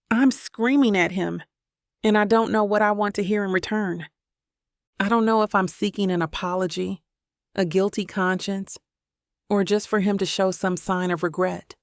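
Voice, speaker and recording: In a mid-range voice with clean, echo-free studio sound, a woman narrates a first-person romance audiobook. She reads dramatically, giving the characters' lines real emotion.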